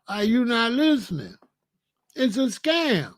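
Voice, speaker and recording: A man's voice: high voice, animated, normal speed. A man hosting his own commentary channel, joking and bragging in a casual, streetwise rant.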